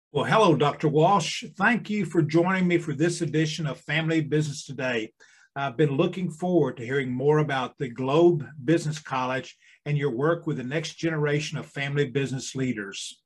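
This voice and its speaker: A man's voice: fairly high pitch, breathy edge. A man hosting a podcast, reading a formal scripted guest introduction and then asking questions with some hesitation. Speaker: podcast host.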